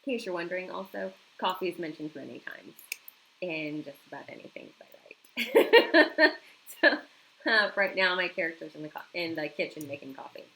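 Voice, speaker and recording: A woman's voice: on the low side, lively intonation, normal speed, pushed and bright, rough recording. A woman chatting casually on a home live stream, reacting to viewer comments and laughing often.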